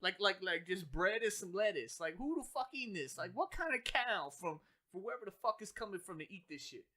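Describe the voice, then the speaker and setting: Animated high-voiced man ranting. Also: brisk. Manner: animated ranting, heavy profanity, slangy. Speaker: podcast co-host. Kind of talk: casual chat.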